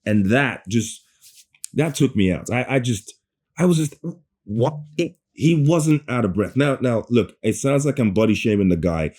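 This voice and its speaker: A man giving a ranting, sarcastic movie review, animated and swearing, often stumbling and restarting mid-sentence. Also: mid-range voice, normal speed. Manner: sarcastic, animated rant with profanity.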